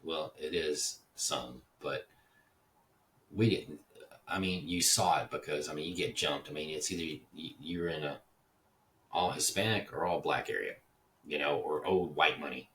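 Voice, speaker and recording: A Texas-raised man with an extremely deep voice, talking in a loose, wandering monologue and swearing casually. The mic sits some distance away, with faint hiss underneath. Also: a little slow, fairly bright tone. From Dallas, Texas (Oak Cliff). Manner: rambling, digressive, swears casually. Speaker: podcast host.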